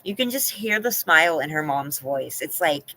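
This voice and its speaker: A woman's voice: deep voice, lively intonation, normal speed, sharp tone, rough recording. A woman hosting a live stream from home, chatting casually and answering her viewers by name. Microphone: laptop.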